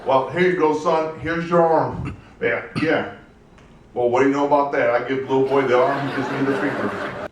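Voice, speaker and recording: A comedian voicing a folksy rural man who drawls at and scolds his huge dog, with his voice pushed higher and louder. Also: fairly even intonation, moderate pace, close to an everyday voice. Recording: roomy live venue, distant mic, noisy.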